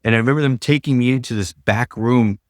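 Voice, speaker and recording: A man's voice: medium pitch, fast talker, dry recording, studio quality. A middle-aged man from Southern California telling his life story in a loose, casual way, full of "like" and "you know".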